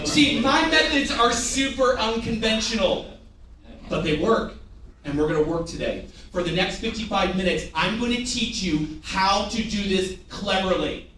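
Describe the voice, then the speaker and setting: A man's voice: high voice, moderate pace, crowd noise. A man giving a live sales training talk in a theatrical way, having the audience repeat phrases back to him. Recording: echoey room, picked up from a distance.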